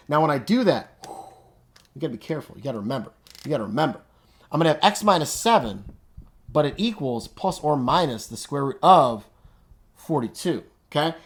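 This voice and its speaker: A man teaching math in a casual, upbeat way, using slang and thinking aloud as he works each step. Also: fairly high pitch. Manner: upbeat, slangy, talks to himself while working. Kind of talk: casual classroom explanation.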